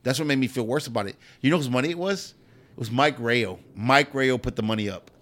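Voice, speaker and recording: Fast-talking male comedian telling a story. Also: medium pitch, fairly bright tone. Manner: rambling, swearing, repeats words at the start of lines. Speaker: guest comedian. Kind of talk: casual podcast storytelling.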